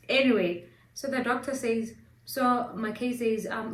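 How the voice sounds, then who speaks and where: A woman's voice: a little high, unhurried, distant mic. A woman in her thirties telling a personal story in a casual vlog, acting out her gasps and crying. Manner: animated, acts out her own crying and gasps. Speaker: storyteller vlogger. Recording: echoey room, set back from the mic.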